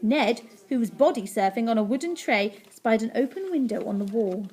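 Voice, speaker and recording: A woman teacher reading a story aloud to her class, animated and playful, with sound effects. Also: on the high side, moderate pace, slightly rough.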